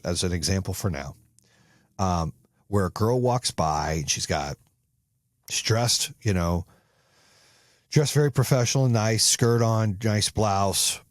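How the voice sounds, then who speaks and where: A man hosting a podcast, giving a profane, emphatic motivational talk in a husky voice that rises loud and high when he gets excited. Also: no echo, studio quality. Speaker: podcast host. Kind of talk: motivational monologue.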